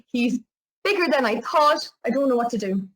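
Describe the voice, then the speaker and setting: A woman's voice: fairly high pitch, lively intonation, normal speed, a bit bright. A Northern Irish woman voicing a boastful but frightened male Irish giant, nervous and whiny. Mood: panicked.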